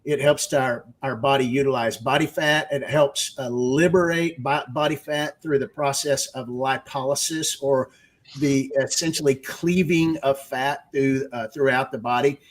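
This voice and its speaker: A man's voice: medium pitch, steady tone, moderate pace. A man with a Texas accent, a radio guest explaining technical science step by step. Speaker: guest, research executive. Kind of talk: explanatory interview answer.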